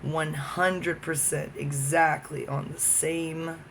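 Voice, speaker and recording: Male vlogger, somewhat high and gravelly, rambling profane solo rant. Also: level tone, slow pace, fairly bright tone, a little hiss or hum. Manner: profane, jumping from topic to topic.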